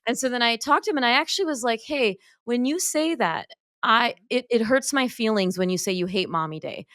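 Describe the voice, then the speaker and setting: Smooth-voiced woman podcast host. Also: fairly high pitch, expressive, brisk, fairly bright tone, dry recording, studio quality. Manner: effusive, storytelling. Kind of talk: casual interview chat.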